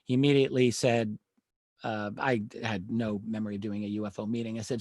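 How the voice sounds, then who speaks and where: A middle-aged man, a panel guest, telling a long story in a measured, earnest way and often pausing with uh and um. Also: on the low side, flat delivery, a little mellow, dry recording. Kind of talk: live panel discussion, recounting a story.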